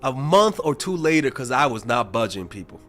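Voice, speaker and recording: A young man, a dating coach, talking casually and bluntly to camera, swearing freely and telling stories with animated energy. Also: medium pitch, moderate pace, faint music behind. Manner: blunt, profane, animated storytelling.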